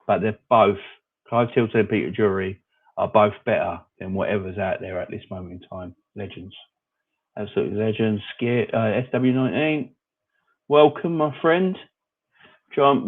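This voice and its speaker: A man hosting a casual live-stream chat, answering viewers by name in a rambling, opinionated way. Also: lowish voice. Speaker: fan channel host reading live chat. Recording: phone-like narrow audio.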